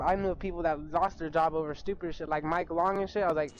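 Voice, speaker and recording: Ranting quickly in casual live-stream chat, a young man who works in fast food recounts an argument with his manager, cursing nonstop and playing both roles. His slightly high voice has fairly even intonation, and the muffled recording carries faint music behind it.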